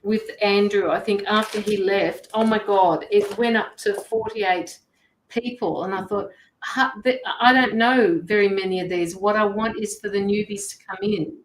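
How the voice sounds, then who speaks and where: A woman's voice: mid-range voice, steady tone, moderate pace, slight background noise. A woman hosts a live tarot stream from her studio, chatty and greeting viewers one by one. Her voice sits mid-range for a woman. The room gives it a noticeable echo. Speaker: tarot reader and medium, show host. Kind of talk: casual live-stream chat.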